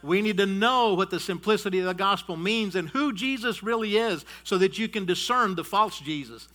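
A man preaching a sermon in a high, bright voice. He hammers home his points through repetition and keeps calling the congregation folks. His voice swells loud on declarations and drops low for asides. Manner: emphatic, repeats key phrases, addresses the congregation as folks.

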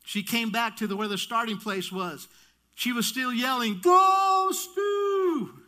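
A man preaching a sermon, telling a story in an animated way with frequent restarts and touches of humor. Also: sits high, normal speed.

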